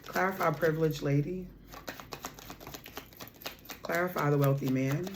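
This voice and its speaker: A woman's voice: low voice, unhurried, noisy background. Emphatic woman doing a card reading. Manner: emphatic, repeats phrases, slangy endearments like boo and honey; bursts into loud laughter and raised voice when excited. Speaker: spiritual card reader. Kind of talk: casual intuitive reading to viewers.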